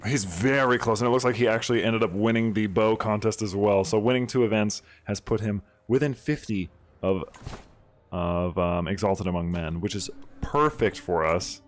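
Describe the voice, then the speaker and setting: A man narrates his strategy game run in a relaxed, chatty way. His voice sits low, and he breaks into loud mock fury or cheering when the game surprises him. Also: moderate pace. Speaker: gaming video host. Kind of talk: casual let's-play commentary.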